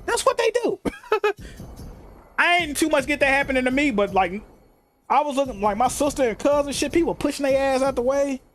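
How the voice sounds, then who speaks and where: This is a man with a high voice for a man, talking on a casual game livestream. He tells animated stories, swearing freely and peppering them with slang. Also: a little fast. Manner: profane, animated storytelling, heavy slang. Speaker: game streamer.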